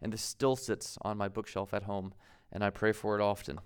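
A man's voice: fairly low pitch, level tone, normal speed, slight background noise. A man in his thirties from the United States, preaching a conversational sermon as pastor, laughing at himself now and then.

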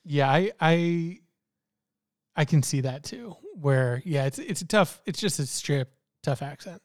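A man's voice: fairly high pitch, lively intonation, a little slow, dry recording, studio quality. A man co-hosting a casual podcast about a TV show, thinking aloud with lots of fillers and restarts. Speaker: podcast co-host. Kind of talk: casual TV discussion.

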